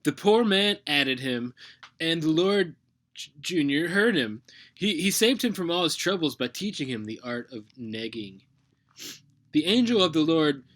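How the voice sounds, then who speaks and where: Man doing a slacker deity and pickup artist, chill and smug, filler-heavy, slightly high voice. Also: a bit bright. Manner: laid-back, mumbling, full of fillers. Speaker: comedy performer. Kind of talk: comedic reading.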